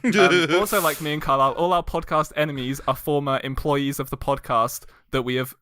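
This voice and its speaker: A man appearing as a podcast guest, making comic points in a deadpan way. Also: fairly high pitch, fairly quick, dry recording, clean studio sound. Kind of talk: casual podcast chat.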